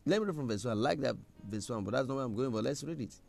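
A man preaching a sermon, emphatic, with a gravelly voice. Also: medium pitch, sing-song, fairly quick, hardly any pauses, soft background music. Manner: emphatic, rising to loud scripture reading.

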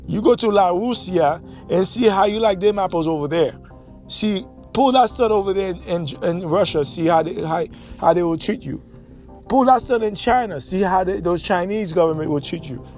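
A man from Haiti hosts his podcast in an emphatic, repeating monologue, often restarting his sentences. His voice sits high for a man. Soft music plays faintly beneath him. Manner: emphatic, repetitive, with many restarts. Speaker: podcast host.

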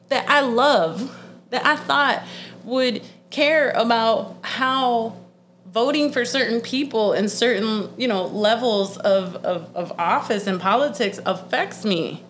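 A woman's voice: fairly high pitch, a bit bright, slight background noise. A woman in her thirties ranting in a blunt, profane, exasperated way, speeding up in heated bursts. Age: 30s. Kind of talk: ranting monologue.

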